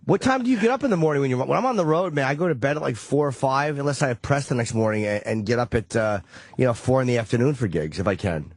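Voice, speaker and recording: A man's voice: medium pitch, lively intonation, fast, no echo. A man hosting a radio show in a casual chat, laid-back and curious, who swears freely. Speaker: radio host.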